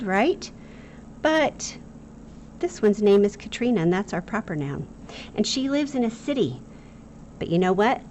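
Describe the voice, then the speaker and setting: Woman teacher, children's grammar lesson, jokey and playful, fairly low voice, faint background hiss. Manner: playful, jokey, talks straight to the pupils.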